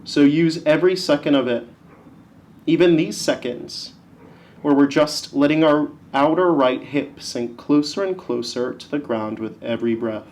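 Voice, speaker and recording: A man leading a yoga class, giving calm, encouraging step-by-step cues. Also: a little high, measured pace, reverberant, a little hiss or hum. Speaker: yoga instructor.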